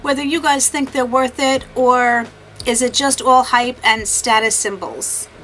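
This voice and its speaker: A woman's voice: high-pitched, steady tone, unhurried, fairly bright tone, soft background music, rough recording. A woman making a casual makeup vlog to camera, chatty, apologetic and hard on herself. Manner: chatty, self-deprecating and apologetic. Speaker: beauty vlogger.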